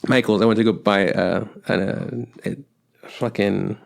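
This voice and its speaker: Low-voiced young man rambling casually. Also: fairly even intonation, unhurried, creaky. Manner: rambling, swears a lot, many fillers. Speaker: podcast co-host. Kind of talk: casual chat.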